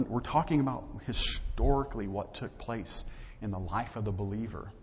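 Male pastor, low voice, conversational sermon delivery, lo-fi recording with long reverb. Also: a little mellow, slight background noise. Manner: conversational preaching with acted-out dialogue. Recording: dull lo-fi audio with long hall reverb.

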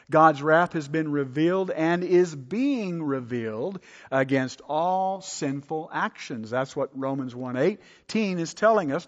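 Sermon preacher, man, unhurried delivery, slightly high voice, dull echoing hall recording. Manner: animated, shifts between loud emphasis and quiet asides. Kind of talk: sermon teaching. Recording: dull reverberant hall sound.

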